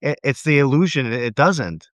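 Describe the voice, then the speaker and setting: A man's voice: medium pitch, lively intonation, normal speed, dry recording. A man hosting a podcast interview, speaking earnestly and reflectively, repeating words as he thinks. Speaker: podcast host. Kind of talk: conversational interview.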